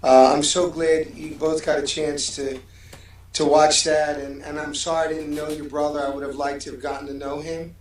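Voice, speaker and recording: A man's voice: fairly high pitch, flat delivery, moderate pace, echoey room, slight background noise. A man speaking as an interview guest, effusive and friendly, heard over distant call audio. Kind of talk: casual interview chat.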